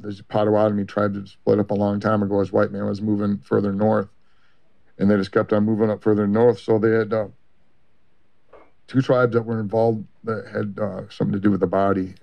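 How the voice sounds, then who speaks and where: Gravelly low-voiced man, halting storyteller. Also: completely flat delivery. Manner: halting, full of fillers and restarts. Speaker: interviewee. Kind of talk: rambling personal account. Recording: muffled lo-fi recording.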